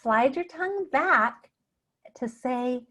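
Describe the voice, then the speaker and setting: A woman leading a speech exercise lesson, demonstrating drills slowly and clearly and encouraging the listener. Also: high voice, expressive, a bit bright. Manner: slow, clear, encouraging demonstration with drawn-out practice words. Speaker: speech therapy instructor.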